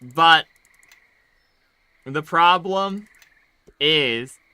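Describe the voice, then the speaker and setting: A man's voice: on the high side, extremely slow, sharp tone, smooth, no echo. A man casually commenting on his gameplay, slangy and chatty, ranting as he retells arguments. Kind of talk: casual let's-play commentary.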